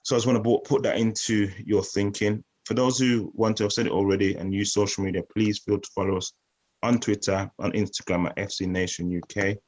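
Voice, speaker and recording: An earnest man talks through a community presentation, his voice sitting a little low. He often stumbles and repeats a word or two as he works out what to say next, then carries on. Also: fairly even intonation, a little fast, a little mellow, poor audio. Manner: earnest, repeats words while searching for phrasing. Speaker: youth project presenter.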